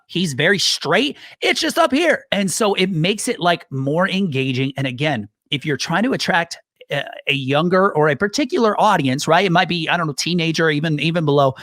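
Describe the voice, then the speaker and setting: Male co-host, chatty and animated, higher register, dry studio read. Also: no room sound. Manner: animated, many fillers and restarts. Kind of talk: casual podcast chat.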